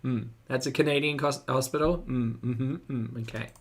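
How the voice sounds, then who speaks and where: A man's voice: mid-range voice, steady tone, moderate pace, slight background noise. An Australian man chatting casually on a live stream, playful and joking as he reacts to videos and reads viewer messages.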